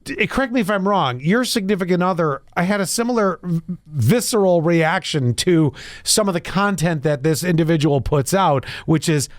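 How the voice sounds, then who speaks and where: A man with a high, bright-sounding voice that swings widely in pitch, talking loosely with his co-host. He plays characters in his jokes with big jumps in tone. The recording is close and dry, with no room sound. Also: lively intonation, normal speed, few pauses, dry recording. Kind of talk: casual banter and joke-telling.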